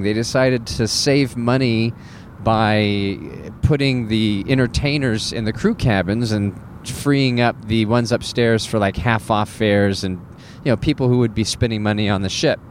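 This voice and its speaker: A male comedian rants sarcastically in a middle-pitched voice and keeps jumping up into high disbelieving tones. A faint noise hangs under the recording. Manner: animated and sarcastic, jumps into high incredulous squeaks. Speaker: cruise ship entertainer. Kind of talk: comic storytelling rant.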